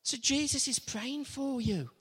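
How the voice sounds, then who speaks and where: Slow, animated preacher in a hall. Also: male voice, very high voice, slightly rough. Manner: animated, acts out quotes in voices. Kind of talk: sermon. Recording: long hall reverb.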